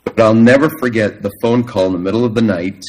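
A middle-aged man preaching a sermon, earnest and emphatic, with long pauses. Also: on the low side, steady tone, a little mellow, rough recording. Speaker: pastor.

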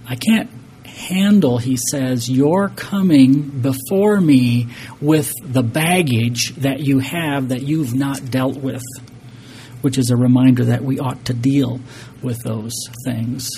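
Earnest preaching man, mellow voice. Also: mid-range voice, slow pace, a little hiss or hum. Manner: earnest, emphatic preaching with restarts. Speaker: pastor. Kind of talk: sermon.

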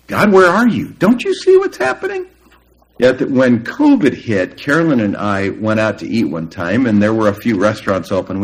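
A middle-aged man preaching a sermon, earnest and emphatic, with long pauses. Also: on the low side, poor audio. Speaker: pastor.

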